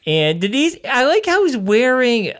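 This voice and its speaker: Lively-voiced man, wry podcast co-host. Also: extremely high pitch, unhurried. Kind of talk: casual chat.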